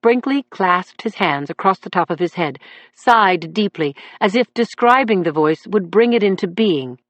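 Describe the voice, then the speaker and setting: A woman reading a crime novel aloud in a measured, even narration. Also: on the low side, no echo. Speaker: audiobook narrator.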